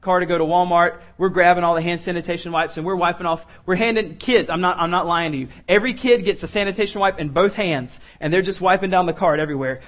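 A high-pitched man delivers a sermon. He talks through a homely family story in an earnest, conversational way, then builds into emphatic, pleading calls to his listeners. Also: a bit bright. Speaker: pastor.

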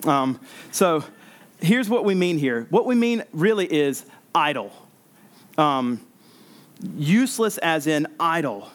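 Earnest man preaching, slightly high voice. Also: sing-song, slow, long pauses. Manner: earnest, repeats words and restarts while explaining. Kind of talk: expository sermon.

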